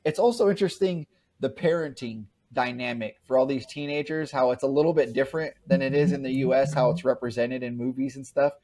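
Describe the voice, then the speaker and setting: A man's voice: mid-range voice, a little fast, hardly any pauses, dark tone. Man, podcast co-host, casual chat, rambling, restarts his sentences. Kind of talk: casual movie review chat.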